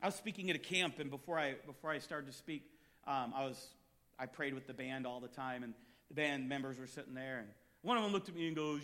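A man preaching a sermon as pastor, reading scripture and telling stories, rising to shouts at times. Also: mid-range voice, a little fast.

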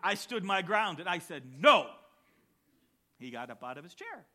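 A man preaching a sermon as a pastor, emphatic and building to shouts on key lines. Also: high voice, big pitch swings, a little fast.

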